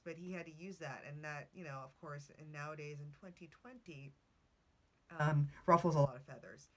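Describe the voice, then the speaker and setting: A woman's voice: deep voice, fairly quick. A woman hosting a podcast, chatting casually through her notes with asides and self-corrections. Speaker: podcast host.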